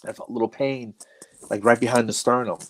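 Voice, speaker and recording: A man's voice: mid-range voice, fairly even intonation, brisk, fairly bright tone. A middle-aged man, a comedian, telling a long story in casual chat, mocking himself and laughing as he goes. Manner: self-deprecating, laughs through his stories. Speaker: comedian guest.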